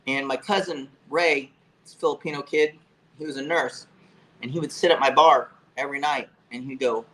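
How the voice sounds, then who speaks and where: A man in his fifties tells stories from his past as an interview guest. He swears freely and keeps things loose with plenty of fillers. His voice sits at a middle pitch, with a faint hiss of background noise. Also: moderate pace, poor audio. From Florida, USA. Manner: profane, animated anecdote-telling with frequent fillers. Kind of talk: casual storytelling.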